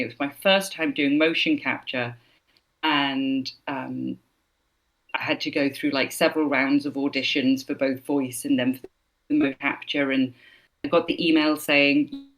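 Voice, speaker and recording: A woman's voice: very deep voice, fairly even intonation, normal speed, a bit bright. A woman voice actor, a guest in an interview, chatting casually and telling anecdotes with restarts. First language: English. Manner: chatty storyteller, frequent restarts and laughs.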